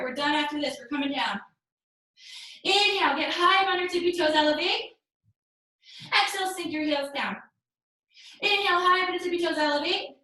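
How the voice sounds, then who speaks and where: In this clip the yoga teacher's high voice is bright and forceful. She cheerfully calls poses to a live class, sings a few cues, laughs at herself and sounds somewhat out of breath. The laptop mic over a hotspot is distant, so the audio is very echoey and poor.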